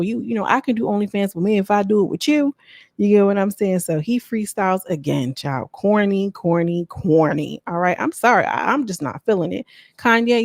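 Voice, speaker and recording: A woman hosts a podcast, chatting in a sassy, gossipy way and talking straight to her viewers. Her voice sits at a middle pitch and sounds dry and close to the mic. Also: a little mellow, dry recording. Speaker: podcast host. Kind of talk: casual gossip recap.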